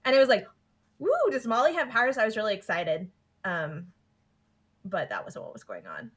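A woman's voice: mid-range voice, expressive, moderate pace. A woman co-hosting a podcast, recapping a cartoon episode in a casual, amused way and often laughing. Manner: chatty and amused, often laughing, acts out quotes. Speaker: podcast co-host.

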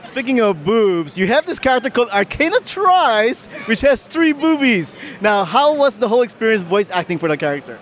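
A man's voice: high voice, very animated, normal speed, hardly any pauses, fairly bright tone. A man interviewing a guest, asking upbeat questions in a casual chat.

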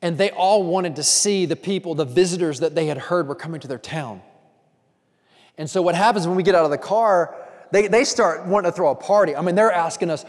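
A male pastor delivers a sermon, chatting with the congregation and telling lively stories. His voice sits a little high for a man. The sound carries the long reverb of a large hall. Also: a little fast. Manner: conversational, animated storytelling with asides to the congregation.

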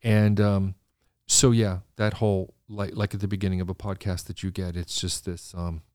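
Low-voiced man telling lively stories. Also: moderate pace, clean tone, no room sound, studio quality. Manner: animated, acts out quoted voices. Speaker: interior designer guest. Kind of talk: conversational interview storytelling.

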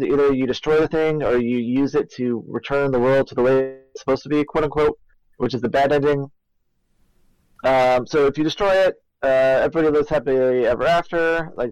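A man's voice: medium pitch, a little mellow, clear, resonant tone, no echo, lo-fi sound. A man co-hosting a podcast, rambling through a game's plot in casual chat with lots of fillers. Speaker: podcast co-host. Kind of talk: casual game recap chat.

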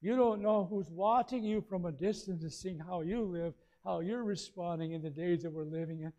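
A man pastor preaching a sermon, telling stories with big swings between loud and soft. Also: moderate pace, highs cut off. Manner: storytelling preacher, dynamic swings in loudness and pitch.

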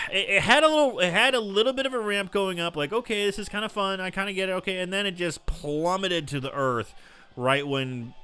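A man's voice: high voice, fairly quick, sharp tone, clean tone. A man in a casual chat, venting about a movie he disliked, with occasional swearing. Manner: frustrated griping, swears. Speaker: co-host.

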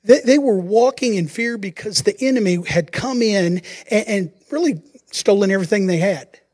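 A pastor preaching a sermon, telling the story in an animated way and acting out the quotes. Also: male voice, high-pitched, normal speed, husky.

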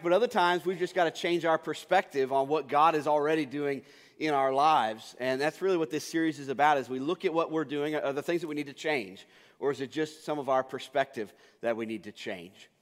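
A man gives a sermon as pastor, his voice sitting a touch high. He talks casually, often doubling back to restart his sentences. The sound rings with the long reverb of a large hall. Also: normal speed. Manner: casual storytelling with frequent restarts.

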